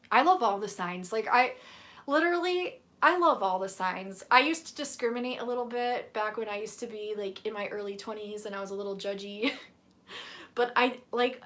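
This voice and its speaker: A woman's voice: a little high, fairly bright tone. A woman in her thirties, a psychic reader chatting on a live stream in a gushing, giggly way, with lots of "like" as filler. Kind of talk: live-stream casual chat.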